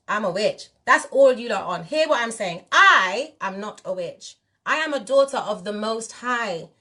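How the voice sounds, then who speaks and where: A woman's voice: on the high side, a bit bright. Woman, spiritual teacher, candid vlog monologue, direct and emphatic. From England. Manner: direct, emphatic, addresses viewers as "you lot".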